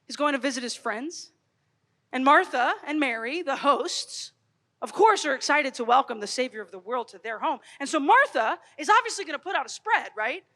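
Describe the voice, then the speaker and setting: A woman in her thirties speaks to young people in a storytelling way, building up loud and then dropping to a hush. Her voice sits high, and a long reverb trails behind her from a large hall. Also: moderate pace. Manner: expressive, storytelling, swings from loud to hushed. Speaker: speaker at youth conference. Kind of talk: animated Catholic youth talk.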